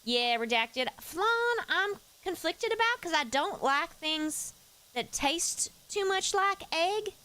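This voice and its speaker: A woman's voice: extremely high pitch, lively intonation, slow pace, pushed and bright, heavily acted, poor audio. A woman putting on a folksy, chatty Southern persona with a Southern US accent while chatting on a live stream. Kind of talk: casual live-stream chat.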